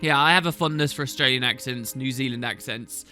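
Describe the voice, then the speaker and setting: A man's voice: medium pitch, a little fast, pushed and bright, faint music behind. A man hosting a gaming channel, answering viewer questions in a chatty, rambling way as he thinks aloud. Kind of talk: casual Q&A chat.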